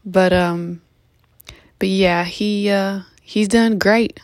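A woman who has just woken up gives a casual home vlog update on her sick dog, talking haltingly with many ums and restarts. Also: mid-range voice, steady tone, dry recording. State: just woke up, yawning. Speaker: vlogger giving a pet health update.

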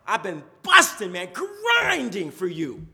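Man doing a resentful young brother, indignant, loud and high-pitched, complaining. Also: brisk.

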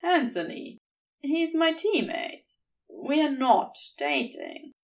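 A woman's voice: high voice, sing-song, slow, creaky, recorded from a distance, full character voice. A woman reading a blunt, snappish teen girl. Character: sharp-tongued teenage girl skater, blunt.

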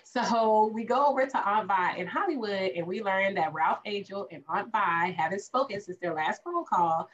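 A woman co-host recaps an episode in casual podcast chat, acting out the characters' lines as she goes. Her pitch swings widely and stays lively. The recording sounds dull and lo-fi. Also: moderate pace, hardly any pauses, slight background noise. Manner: animated, acts out characters' lines.

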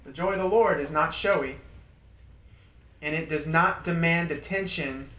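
A man teaching a small group in a relaxed, lively way. He leans on repetition and often laughs mid-story. His voice sits a little high and comes from some distance off the mic, in a roomy space with a faint hiss underneath. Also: normal speed. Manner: animated, emphatic repetition, laughs while telling stories. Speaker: Bible study leader.

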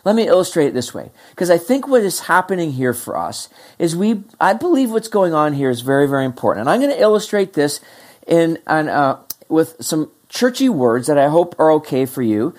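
A pastor preaching a sermon in a lively, conversational way, with a mid-pitched voice. Emphatic points rise high, then the voice drops to quiet, low asides. Between points the pastor acts out what the listeners are thinking. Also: a little fast.

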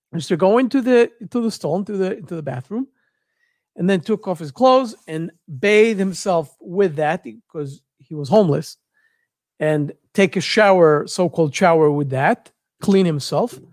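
High-voiced man retelling a story. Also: no echo, clean studio sound. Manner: searches for words, repeats phrases, animated retelling. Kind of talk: casual storytelling.

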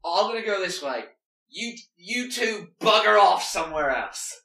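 A man's voice: high voice, expressive, a little slow, bright, forceful tone, pitched above the performer's own voice, heavily acted. A man voicing a bossy male fish thief with a British accent, barking insults at his partners. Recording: echoey room, mic at a distance.

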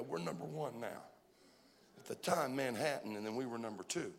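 A male pastor preaching a sermon, telling stories and swinging from hushed asides to shouts. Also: medium pitch, lively intonation, moderate pace, vocal fry.

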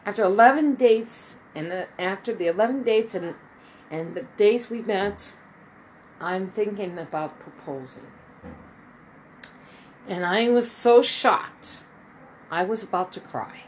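A woman's voice: animated, moderate pace, a little mellow, slight background noise, low-quality recording. A woman in her fifties telling a rambling personal story, acting out the people she quotes. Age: 50s. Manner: rambling, acts out quoted dialogue with shifting pitch. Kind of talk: casual spoken storytelling.

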